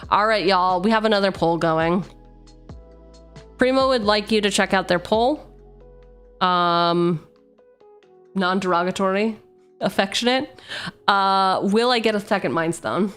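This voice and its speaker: A woman's voice: mid-range voice, unhurried, long pauses, a bit bright, smooth, soft background music. A young adult woman chatting playfully on a livestream, reading card text aloud and joking with her viewers. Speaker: streamer. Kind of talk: casual card-opening livestream chat.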